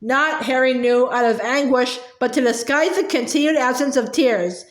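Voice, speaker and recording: High-voiced woman reading a story aloud. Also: normal speed. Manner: steady, lightly expressive storytelling with small slips. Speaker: audiobook reader. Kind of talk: audiobook narration. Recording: roomy echo.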